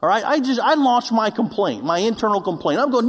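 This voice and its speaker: A man's voice: sits high, lively intonation, brisk, few pauses, husky. A man preaching a sermon, telling a personal story with self-mocking humor before turning to earnest exhortation of the congregation. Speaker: pastor. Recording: long hall reverb.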